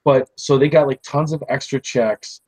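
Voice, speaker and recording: A man's voice: mid-range voice, steady tone, normal speed, a little mellow, a little hiss or hum, poor audio. A man, a podcast host telling a long, rambling story in casual chat. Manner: rambling, restarts, acts out quoted people.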